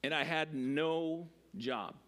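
A middle-aged man preaches a sermon in a high, light voice. He talks to his congregation like a friend, rambling a little, restarting sentences and filling gaps with "like" and "you know.". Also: slow pace, a bit bright. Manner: conversational, rambling with many fillers and restarts. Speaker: pastor.

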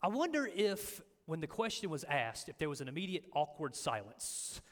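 Guy preaching a sermon, acts out the quotes, highish voice, lots of hall echo. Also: normal speed. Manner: animated storytelling, acting out quotes. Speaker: pastor. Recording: echoey hall with long reverb.

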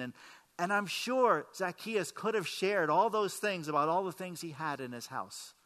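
A pastor delivers a conversational sermon, repeatedly asking the congregation questions, in a high, sharp voice with lively intonation at a normal speed. Long hall reverb is present on the recording.

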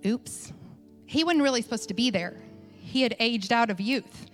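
Lady preaching, kinda high voice, chatty storytelling w lots of ums, faint music under it. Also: normal speed. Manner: chatty, conversational, many fillers and restarts. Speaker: church speaker. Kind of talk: sermon storytelling.

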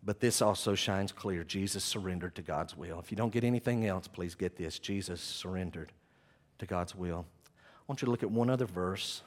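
A man preaching a sermon as pastor, swinging from loud impassioned passages to soft hushed ones, with self-deprecating asides as he reads from his notes. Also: low-pitched, a little fast.

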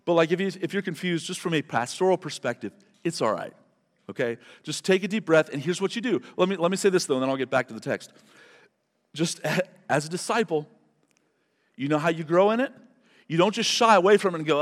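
A man's voice: mid-range voice, lively intonation, a little fast, in a large hall. A man preaching a verse-by-verse sermon as pastor, talking in a conversational, emphatic way and repeating words for stress. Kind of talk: expository sermon.

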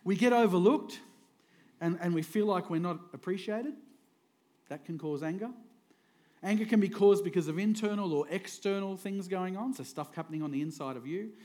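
A middle-aged pastor giving a light, conversational sermon. His voice sits a bit higher than most men's, and he keeps the mood jokey, chuckling between points. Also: darkish tone. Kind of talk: humorous sermon.

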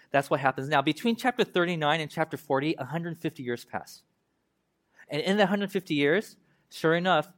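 A young man preaching a conversational sermon, reading scripture slowly and then explaining it in everyday talk. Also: on the high side. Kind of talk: casual sermon teaching.

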